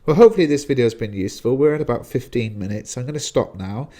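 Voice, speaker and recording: A man's voice: medium pitch, animated, fast, mellow. A man teaching a lesson, explaining a text in a chatty way with frequent fillers.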